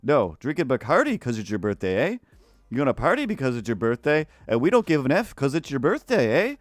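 A loud, chummy guy, as a man puts him on, pitched a little above his usual and ending his lines with "eh". His voice is lively and sits dry and close to the mic. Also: brisk, no echo. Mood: boisterous. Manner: boisterous, ends lines with "eh".

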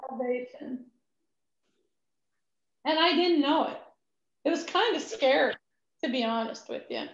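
A woman, a ministry executive director, telling a testimony story and acting out the dialogue. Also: high voice. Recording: echoey room, dull lo-fi sound.

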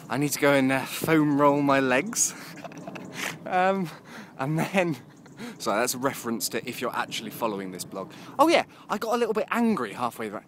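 A man's voice: medium pitch, fairly bright tone, slight background noise. Chatty rambling man. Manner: rambling, chatty, laughs often. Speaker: vlogger. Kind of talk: casual video diary.

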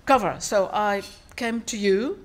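Speaking in a mid-range voice, a woman serving as foreign minister presents a formal speech and responds to questions. French is her first language, her accent shows it, and her delivery is measured, with regular pauses and fillers.

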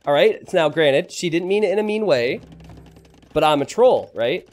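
A young man casting a game live for his stream, joking with chat and teasing himself in an excitable way. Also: a little high, normal speed.

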